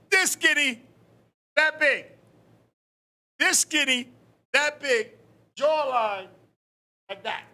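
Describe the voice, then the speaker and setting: High, sharp-voiced man telling stories. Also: drawn-out words, long pauses. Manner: animated, profane storytelling with frequent laughs. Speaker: talk show host. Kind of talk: casual live-stream chat.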